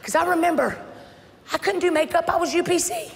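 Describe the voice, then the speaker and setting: A woman, preaching a sermon with humor, often shouting. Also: very high voice, animated, brisk, gravelly. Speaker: pastor. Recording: church hall reverb with faint crowd.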